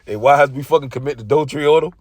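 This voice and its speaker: A man's voice: mid-range voice, quick pace, no echo, studio quality. A man giving an intense, casual religious rant, often stumbling and repeating himself. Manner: intense, repetitive, stumbling over words.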